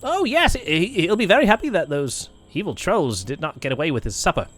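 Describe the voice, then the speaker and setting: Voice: mid-range voice, sing-song, a little fast, fairly bright tone. A game master voicing a small, nervous kobold servant who stammers and is eager to please.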